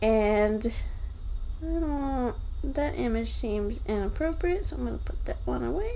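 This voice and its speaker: A woman co-hosting a loose improv podcast, her voice sitting high and swinging widely in pitch. She riffs quickly, jumps between jokes and asides, and swears freely as she talks. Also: expressive, highs cut off, a little hiss or hum. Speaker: podcast co-host. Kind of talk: casual improv chat.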